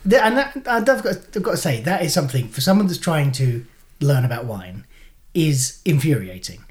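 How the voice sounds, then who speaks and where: A man's voice: a little high, lively intonation, moderate pace. A man co-hosting a casual podcast, joking and asking follow-up questions as he learns about wine. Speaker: co-host.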